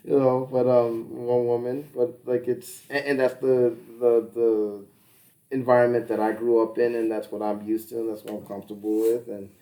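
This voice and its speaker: A man's voice: mid-range voice, unhurried, a little mellow. A man co-hosting a podcast in casual chat, rambling and swearing, often laughing. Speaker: podcast co-host. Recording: distant mic.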